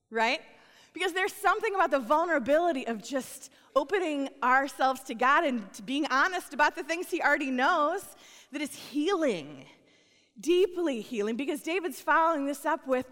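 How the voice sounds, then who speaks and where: A woman pastor preaching a sermon in a casual, conversational way, rising to animated reading and dropping to soft, hushed lines. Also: high-pitched, normal speed, long reverb tail.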